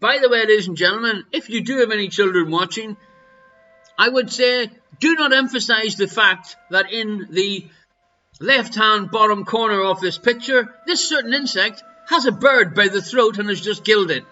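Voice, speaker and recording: Irish man, quiz host at home, high bright voice, joking with viewers, dull stream audio with faint music. Banter-heavy host. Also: normal speed. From Ireland. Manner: jokey, teasing banter with viewers in the chat. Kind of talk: live-streamed pub quiz hosting. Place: his home.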